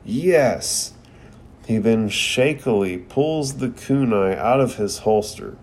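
A man's voice: fairly low pitch, measured pace, a little mellow. A man casually recapping and reviewing an anime episode, rambling and profane with lots of "like".

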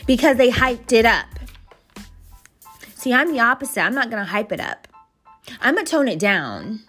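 A woman designer hosting her own podcast, chatting casually and giving lively business advice from her office. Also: a little high, faint music behind. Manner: lively, chatty, lists things quickly. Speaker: podcast host, brand designer. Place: home office.

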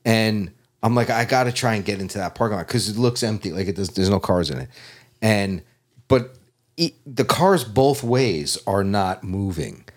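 A man's voice: fairly low pitch, animated, moderate pace. A middle-aged man on a podcast, telling a crude story in a rambling way and acting out his own reactions. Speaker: podcast guest. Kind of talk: casual comedic storytelling.

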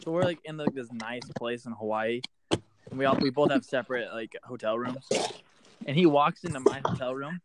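A young man in a casual chat with friends, excitedly telling an anecdote and laughing. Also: medium pitch, normal speed. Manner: loud, laughing, excited retelling. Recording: call audio with clear background noise.

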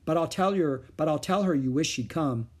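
A man's voice: a little high, normal speed, husky, pitched above the performer's own voice. Man doing a patient, wry mother. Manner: calm, gently weary.

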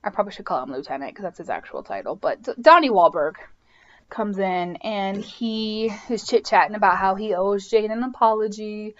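A woman's voice: medium pitch, moderate pace, fairly bright tone, muffled recording. A woman hosting a podcast, casually recapping a TV episode, chatty and full of "like" and "um". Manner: chatty, lots of "like" and "um". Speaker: podcast host.

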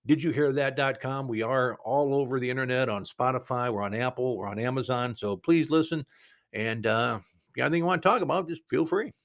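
A man's voice: mid-range voice, brisk, gravelly, a bit bright. A man hosting a podcast, telling a personal story in a rambling, conversational way full of asides. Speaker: podcast host.

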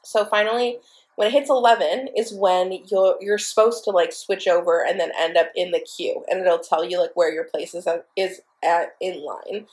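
A young woman hosting her own podcast, telling a story in an excitable, profane, breathless way. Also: fairly low pitch, normal speed. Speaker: podcast host. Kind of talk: casual storytelling monologue.

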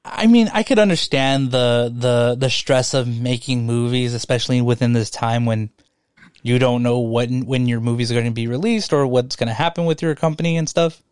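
Laid-back young man with a smooth, dry voice. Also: medium pitch, normal speed, darkish tone, no room sound. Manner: loose and profane, laughs often. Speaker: podcast co-host. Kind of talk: casual chat.

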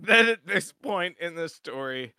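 A man's voice: high voice, expressive, measured pace, bright, forceful tone, a little hiss or hum. A man co-hosting a podcast in casual chat, making wry remarks and keeping the show on track. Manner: wry, keeps the show on track with time checks. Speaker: podcast co-host.

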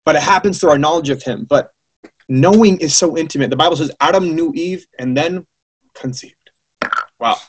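A man preaching a sermon, telling his own story in a lively way and acting out the voices of the people he quotes. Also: a little high, normal speed, breathy edge. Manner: animated, acts out quoted voices, many fillers. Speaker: preacher giving his testimony.

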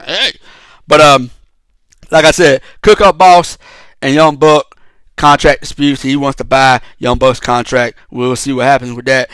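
A man's voice: medium pitch, fairly even intonation, measured pace, a bit bright, clean tone, no echo. A man hosting a solo podcast, talking in a heated, profane, rambling way with lots of restarts. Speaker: podcast host. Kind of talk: casual solo podcast commentary.

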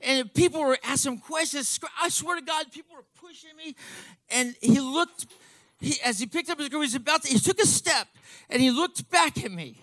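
Man, fifties, comic storyteller; bright, sharp tone, excitable and profane, tripping over his own restarts. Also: very high-pitched, moderate pace, dry recording.

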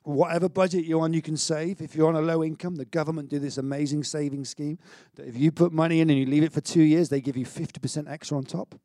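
Male pastor, middle-aged, chatty sermon with restarts and jokes, slightly high voice. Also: quick pace, few pauses, dry recording, studio quality. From Wales. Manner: energetic, conversational preaching with stammered restarts and self-mocking humour.

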